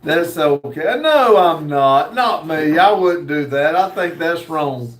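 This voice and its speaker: A man hosting a casual livestream, reading viewer comments aloud in an unhurried, joking way with frequent pauses. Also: on the high side. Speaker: livestream host. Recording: roomy echo.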